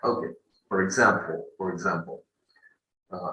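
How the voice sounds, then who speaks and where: Deep slow man teaching in an echoey room. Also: steady tone, a bit bright, slight background noise. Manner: repetitive, fills with "okay" and "you know". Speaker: English pronunciation teacher. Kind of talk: online teaching lesson. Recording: echoey room, far from the mic.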